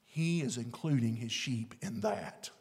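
A man preaching a sermon, swinging from booming declarations to hushed, drawn-out phrases. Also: breathy edge, long reverb tail. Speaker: pastor.

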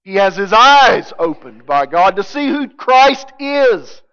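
Emphatic high bright-voiced male preacher. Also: very animated, slow pace, clear, resonant tone, dull audio. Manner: emphatic, swings from loud declarations to hushed intensity. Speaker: pastor. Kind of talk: sermon.

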